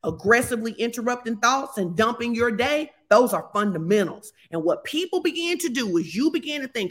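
A middle-aged woman pastor delivering a sermon, animated and emphatic, repeating key lines for effect. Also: fairly high pitch, brisk, hardly any pauses.

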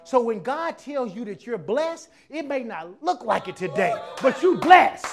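High-voiced man preaching an animated sermon. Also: a little slow, over music. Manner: animated preaching, acts out quoted voices, casual dialect. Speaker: pastor. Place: church service with congregation.

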